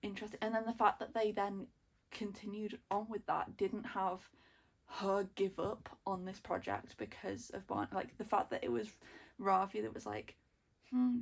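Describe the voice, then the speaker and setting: Young woman, book vlogger, gravelly husky tone, gushing casual chat. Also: mid-range voice. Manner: excitable, gushing, lots of fillers and repeats. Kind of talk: casual reading vlog chat.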